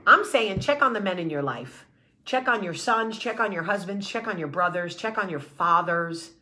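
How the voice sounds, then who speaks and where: A woman's voice: fairly low pitch, expressive, moderate pace, bright, forceful tone. A woman hosting her vlog, giving an impassioned, blunt monologue with swearing and repeated rallying phrases. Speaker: vlog host.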